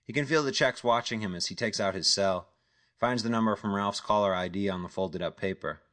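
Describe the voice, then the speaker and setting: A man reading a crime novel as scripted narration, telling the story in a steady, matter-of-fact way. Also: on the low side, a little fast. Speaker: audiobook narrator.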